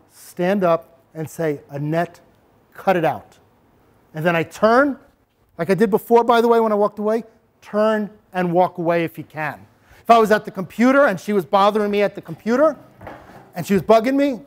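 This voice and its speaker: In this workshop for parents, the presenter, a middle-aged man whose voice is high, teaches anti-bullying skills. Step by step, he demonstrates and explains calm, assertive ways to speak.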